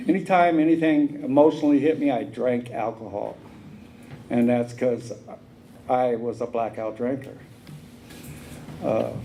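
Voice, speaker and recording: Plainspoken man telling his story with a mellow voice. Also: medium pitch, creaky, a little hiss or hum, rough recording. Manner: plainspoken storyteller, drawling with frequent "uh" and "you know". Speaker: AA speaker sharing his story. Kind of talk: recovery meeting talk.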